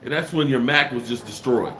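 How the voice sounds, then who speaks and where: A man's voice: mid-range voice, brisk, slight background noise. A middle-aged man hosting a sports livestream, chatting casually and telling stories with frequent laughs. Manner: animated storytelling, laughs often. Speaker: sports podcast host.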